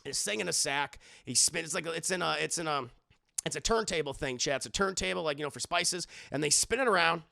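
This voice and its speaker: A man's voice: on the high side, fairly quick, vocal fry, pushed and bright. A man reviewing a movie on a livestream, rambling and swearing as he talks to his chat. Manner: rambling, profane, keeps addressing chat.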